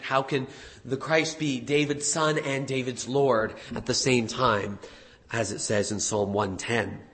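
A man preaching a sermon in a conversational way, correcting himself at times and stressing words with animated emphasis. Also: fairly high pitch.

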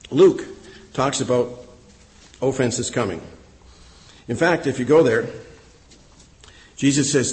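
A man's voice: mid-range voice, slow pace, pauses often, darkish tone, long reverb tail, poor audio. A man pastor delivering a sermon, telling a story and then teaching with emphatic repetition.

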